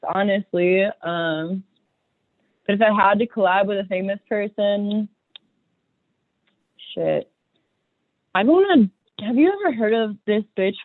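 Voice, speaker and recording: A young woman rapper chatting casually as a podcast guest, excitable and profane, laughing often. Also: medium pitch, dry recording. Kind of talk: casual chat. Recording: dry tinny phone-like audio.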